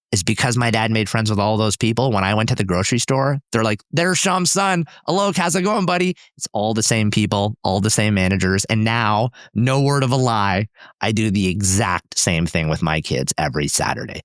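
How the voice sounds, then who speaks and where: A man's voice: lowish voice, brisk, dry recording, clean studio sound. A man, a company founder, telling personal stories in an interview in an intense, emphatic, driven way. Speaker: startup founder and CEO, podcast guest.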